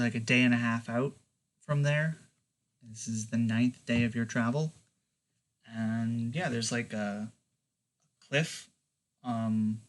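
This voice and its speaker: Slow-talking guy running a tabletop game, lots of ums and likes, halting. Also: mid-range voice. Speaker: game master.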